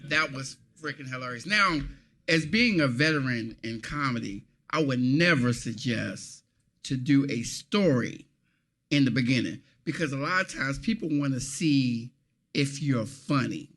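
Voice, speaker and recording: A man's voice: medium pitch, lively intonation, a little slow, a bit bright. A man judging a comedy contest, giving effusive, enthusiastic feedback and scores. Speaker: comedy judge.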